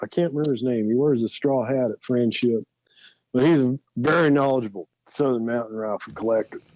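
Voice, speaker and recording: A man's voice: medium pitch, brisk, darkish tone, no echo, lo-fi sound. A man telling folksy stories as a guest, easygoing and chuckling through his anecdotes. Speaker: guest, rifle builder. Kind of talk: anecdotal storytelling.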